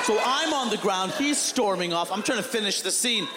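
Animated stand-up comedian in a reverberant hall. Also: male voice, high-pitched, a little fast, few pauses, heavy background noise. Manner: animated, exasperated, acts out quotes. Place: live comedy stage. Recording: long hall reverb with audible room ambience. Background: audience laughter.

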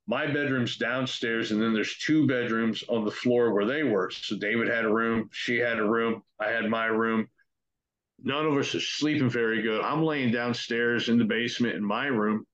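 A young man tells a ghost story in a relaxed, profane, conversational way, jumping into the voices of his friends as he goes. His pitch sits in the middle range. The recording sounds dull and lo-fi. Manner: profane, conversational, acts out quotes. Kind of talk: casual spoken ghost story.

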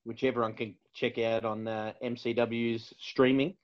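A man's voice: medium pitch, level tone, moderate pace. Easygoing man co-host, lo-fi sound. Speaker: podcast co-host. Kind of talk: casual interview chat. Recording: dull lo-fi recording.

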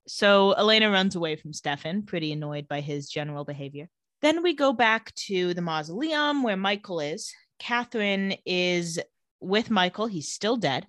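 A woman's voice: lowish voice, lively intonation, moderate pace, a bit bright, dry recording, clean studio sound. A woman co-hosting a podcast, recapping a TV episode in a wry, chatty way. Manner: chatty, wry, acts out quotes. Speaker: podcast co-host. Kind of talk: casual TV episode recap chat.

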